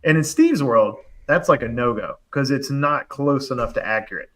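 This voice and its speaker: A man telling a long story in casual chat, animated and quick, full of fillers and acted-out quotes. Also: medium pitch. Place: live online show, remote.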